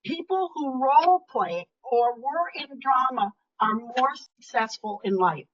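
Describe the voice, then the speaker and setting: An older woman coach giving a live webinar talk, animated and emphatic, often dropping her voice low or to a whisper for effect. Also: unhurried, slight background noise. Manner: animated, emphatic, varies loudness, drops to whispers. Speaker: speaker and leadership coach. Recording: dull lo-fi webinar audio.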